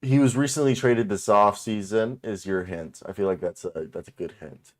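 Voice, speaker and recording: A man's voice: fairly low pitch, moderate pace. A man co-hosting a basketball podcast in casual chat, teasing and joking. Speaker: podcast co-host.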